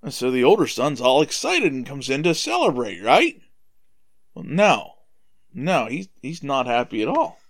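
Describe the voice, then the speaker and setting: A man's voice: mid-range voice, big pitch swings, measured pace. A man hosting a podcast, retelling a Bible story in a casual, conversational way with asides.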